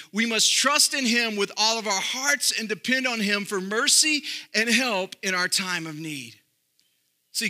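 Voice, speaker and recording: Middle-aged male pastor, high and brilliant tone, emphatic preaching delivery. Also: pushed and bright. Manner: emphatic preaching with rising, sung-out phrases. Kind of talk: sermon.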